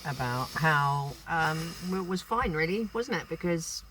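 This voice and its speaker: A woman chatting casually and telling stories with animated indignation. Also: low voice, measured pace, slight background noise. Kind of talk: casual chat.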